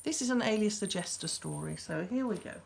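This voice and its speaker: A woman reading a children's story aloud in an expressive, playful way. Her voice is lively and sings up and down as she narrates. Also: medium pitch, fairly quick, creaky, slightly rough.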